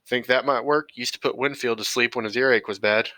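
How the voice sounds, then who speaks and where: A man's voice: mid-range voice, fairly even intonation, fairly quick, sharp tone, no echo. A man voicing a practical, resourceful farm mother who speaks in plain, matter-of-fact rural speech.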